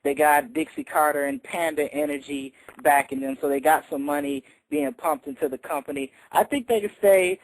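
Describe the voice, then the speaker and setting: A man's voice: a little high, normal speed, hardly any pauses, no echo, low-quality recording. A man co-hosting a radio show, chatty and confident, often laughing as he answers quiz questions. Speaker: quiz contestant and co-host. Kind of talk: casual radio chat. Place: radio studio.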